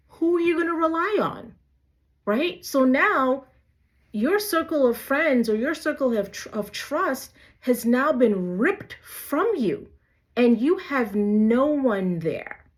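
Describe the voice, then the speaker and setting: A woman vlogger giving casual, emphatic advice to camera, asking rhetorical questions and tagging points with "right?" and "you know". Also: high voice. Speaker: YouTube vlogger.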